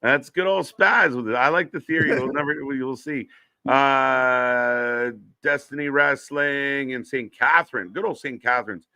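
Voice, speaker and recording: Bright-voiced man in casual commentary. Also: medium pitch, a little slow, dry recording. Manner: chatty, swears casually, reads out chat names. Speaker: co-host. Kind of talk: live wrestling watch-along commentary.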